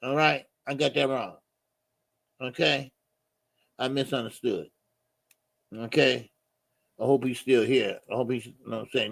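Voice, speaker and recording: A man's voice: mid-range voice, fairly even intonation, measured pace, creaky, pauses often, fairly bright tone, no echo. A man hosting a casual boxing live stream, rambling loosely, repeating himself and answering the chat. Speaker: boxing channel host.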